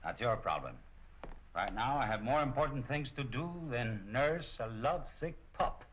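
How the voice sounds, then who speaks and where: An actor playing a curt, dismissive crook who runs a shady business, in 1940s film acting. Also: male voice, mid-range voice, animated, normal speed, natural voice. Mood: sneering. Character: hard-nosed male crook running a shady business. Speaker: criminal boss. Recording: dull old film soundtrack.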